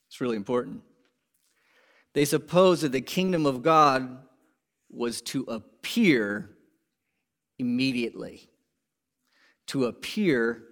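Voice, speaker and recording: A man preaching a sermon with passion, moving from loud emphatic peaks to quiet low asides. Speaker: pastor.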